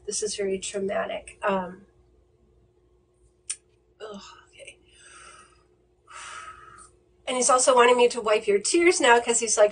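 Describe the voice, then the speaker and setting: A woman giving a mediumship reading on a livestream, speaking gently and reassuringly, with many fillers and restarts. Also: medium pitch, fairly even intonation, moderate pace. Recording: distant mic with faint noise.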